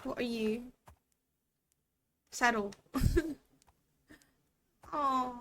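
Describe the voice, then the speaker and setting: A woman's voice: fairly high pitch, takes it slowly, a bit bright, a little hiss or hum. A woman giving a playful, chatty language lesson while streaming a game. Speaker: VTuber language teacher.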